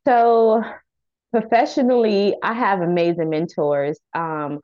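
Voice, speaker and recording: A woman's voice: medium pitch, takes it slowly, highs cut off. A woman in her thirties, a youth center founder and therapist, telling a heartfelt personal story in an interview. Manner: earnest, animated storyteller acting out quoted dialogue.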